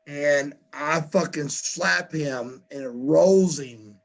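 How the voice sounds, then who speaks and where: A man's voice: on the high side, takes it slowly, creaky. A man, a podcast guest, telling a story casually, swearing often, stumbling over repeated words and acting out what others said. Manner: profane, repeats words, acts out quoted lines. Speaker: podcast guest, former wrestler.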